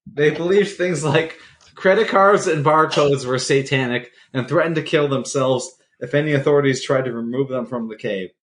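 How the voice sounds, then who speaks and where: Male podcast co-host, casual rambling storyteller, deadpan humor. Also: mid-range voice, normal speed. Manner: loose, rambling, deadpan asides.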